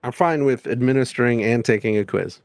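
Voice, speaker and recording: A man's voice: medium pitch, a little mellow, dry recording. Guy cohosting a podcast, rambly and jokey, dead dry sound. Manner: playful, rambling storytelling with quick jokes. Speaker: podcast co-host. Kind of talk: casual chat.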